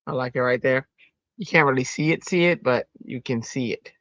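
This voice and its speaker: A woman's voice: a bass voice, a little fast, no echo, muffled recording. A woman hosting a casual craft livestream from home, chatting to her viewers as she works. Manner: chatty, answers chat, breaks into sung bits. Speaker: livestream host. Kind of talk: casual livestream chat while card-making.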